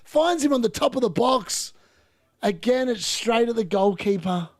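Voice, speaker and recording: Excitable high-voiced male football watchalong host. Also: normal speed, dry recording, studio quality. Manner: excitable, yells at chances on screen; ranting, opinionated. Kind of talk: live football watchalong commentary.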